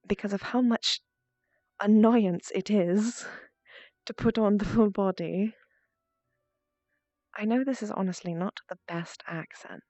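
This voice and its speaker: A woman voicing a calm, seductive adult woman librarian in a put-on posh English accent. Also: medium pitch, no echo, dull audio. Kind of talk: in-character VR role-play.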